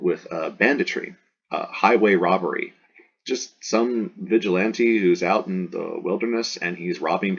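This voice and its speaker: A man with a low, gravelly voice teaches Latin through a line-by-line classroom translation lecture. He explains conversationally, with many fillers and restarts, and the audio is dull and lo-fi.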